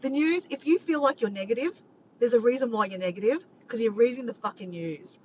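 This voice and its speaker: A woman rambling to her viewers on a live stream, animated and swearing freely. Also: on the high side, a little fast. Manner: animated, swears often, keeps addressing "guys". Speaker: vlogger doing a live stream. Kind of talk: rambling casual chat to viewers. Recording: slightly muffled, faint background noise.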